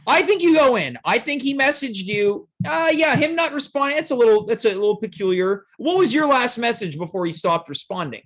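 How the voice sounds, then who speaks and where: A man hosting a comedic chat show, teasing his guest with deadpan jokes and mock-earnest advice. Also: very high voice, a little fast, hardly any pauses. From Canada. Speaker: host.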